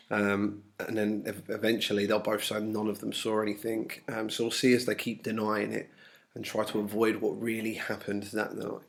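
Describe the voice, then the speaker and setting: A man's voice: fairly low pitch, monotone, normal speed, gravelly. A man teaching an English lesson, explaining a novel with frequent ums and uhs.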